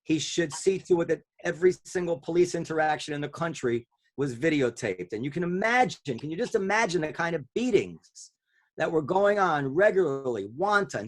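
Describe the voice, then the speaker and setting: A man hosts a casual round-table talk in a slightly higher voice, rambling along with plenty of ums and restarted phrases. He speaks loosely and conversationally, circling back as he goes. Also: animated, normal speed. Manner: rambling, many fillers and restarts. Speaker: podcast host.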